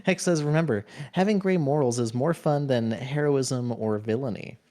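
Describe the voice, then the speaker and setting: Man, streamer, reading chat aloud, casual and playful, joking asides, mid-pitched voice. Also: normal speed, dark tone. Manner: playful, jokey asides between read-outs.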